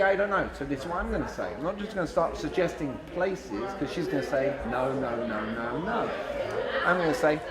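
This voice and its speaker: A man giving a blunt, animated sales-training talk to a live audience, acting out both sides of conversations. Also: on the high side.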